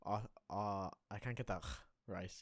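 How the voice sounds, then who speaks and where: A man's voice: lowish voice, steady tone, measured pace, dry recording. Rambling young Irish man, dry close sound. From Ireland. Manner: rambling, many restarts and fillers. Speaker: podcast co-host. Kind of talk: casual chat.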